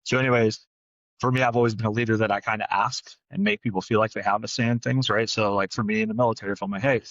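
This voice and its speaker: Fast-talking blunt man, low voice. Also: steady tone, a bit bright, no echo, dull audio. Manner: fast, blunt, peppered with "right?"; swears casually. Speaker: podcast co-host, dog trainer. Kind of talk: casual podcast storytelling.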